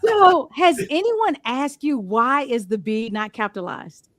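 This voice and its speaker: A woman's voice: high-pitched, lively intonation, unhurried, a bit bright. A woman hosting a casual interview, chatty and playful, acting out quotes as she talks. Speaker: host.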